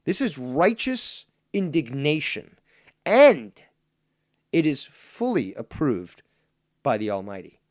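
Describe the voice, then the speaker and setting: A man hosting a livestream and delivering an indignant, profane rant. He swears heavily, repeats lines for emphasis, and slows right down to hammer home key points. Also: a little high, very animated. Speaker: livestream host reading viewer comments. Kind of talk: profane ranting monologue.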